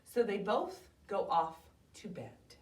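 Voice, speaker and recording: A woman tells a fairy tale to children in a slow, unhurried way, her pitch swooping widely. She is heard from a little distance in a roomy library space. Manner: animated, expressive storytelling. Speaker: children's storytime host. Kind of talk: reading a story aloud to children. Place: library room.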